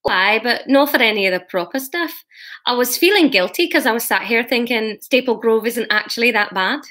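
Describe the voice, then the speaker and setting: A woman voicing a giddy young man with a put-on Scottish accent, grinning and relaxed, while reading a storybook aloud. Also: fairly high pitch, normal speed.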